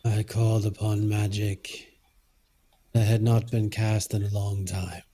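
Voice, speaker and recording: A man playing a weakened sorcerer stuck in dragon form, terse and strained. His voice is low, husky and flat, and he speaks slowly.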